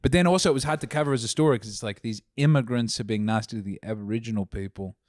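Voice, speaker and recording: A man telling animated stories with dry jokes in casual podcast chat. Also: medium pitch, rapid-fire, no echo. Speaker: guest comedian.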